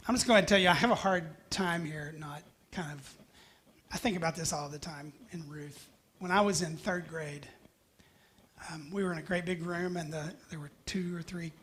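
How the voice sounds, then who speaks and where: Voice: mid-range voice, a bit bright. Folksy preacher. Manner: folksy and chatty, with humorous asides. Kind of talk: conversational sermon.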